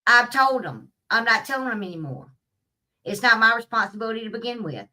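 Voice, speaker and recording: Woman vlogger, casual rant, bright and slightly high, swears freely, distant from the mic. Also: lively intonation, a little fast. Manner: profane, blunt, rambling.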